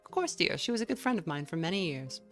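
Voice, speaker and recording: A woman voicing a gentle, genteel older lady with courteous, old-fashioned phrasing. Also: on the low side, very animated, quick pace, faint music behind.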